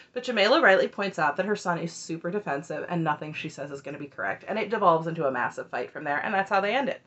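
A woman's voice: on the low side, lively intonation, fast, hardly any pauses, a bit bright, dull audio. A woman casually recapping a reality TV episode, chatty and opinionated, with wry asides.

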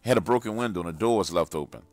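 A man's voice: sits low, rapid-fire, no echo. A man narrating a bleak first-person horror story in a weary tone. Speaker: storyteller recounting an encounter.

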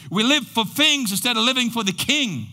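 A man preaching a sermon as pastor, telling a story dramatically with long pauses. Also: extremely high pitch, expressive, pushed and bright. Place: church hall. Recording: long reverb in a large hall.

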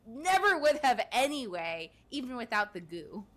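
A woman co-hosting a podcast in casual chat, sounding exasperated and animated. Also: on the high side, moderate pace. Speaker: podcast co-host.

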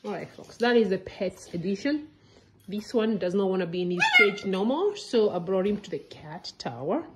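A woman's voice: lively intonation, normal speed, noisy background. A woman filming her pets at home and chatting casually with her family and the cockatiel. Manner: chatty, talks to the bird in a high sing-song. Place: home kitchen.

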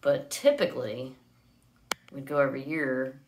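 American lady live streaming with her parrot, normal chatty voice, keeps slipping into high baby talk for the bird. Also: lively intonation, a little slow, a little mellow, a little hiss or hum. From United States. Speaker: parrot owner and vlogger. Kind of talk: casual live stream chat.

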